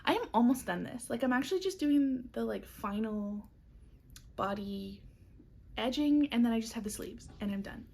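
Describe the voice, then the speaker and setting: A woman's voice: fairly high pitch, animated, moderate pace, gravelly, mellow. A young woman talking casually to camera as a knitting vlogger, upbeat and chatty with frequent ums and little laughs. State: has the hiccups. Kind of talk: casual chat.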